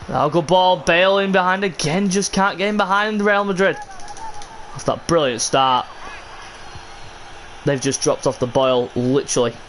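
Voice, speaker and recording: A man live-streaming a football video game, commentating his own match with frustration and bursts of shouting. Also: a little high, a little hiss or hum.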